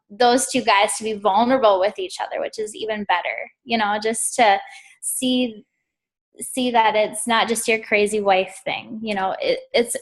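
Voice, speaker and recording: A woman sharing an emotional, gushing story in casual talk on a team call. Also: mid-range voice. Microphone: call audio.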